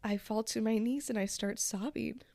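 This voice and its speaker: A woman hosting a podcast, telling a personal story in a slow, reflective and emotional way, at times close to tears. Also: fairly high pitch, fairly even intonation, vocal fry, darkish tone, dry recording. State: tearful. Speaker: podcast host.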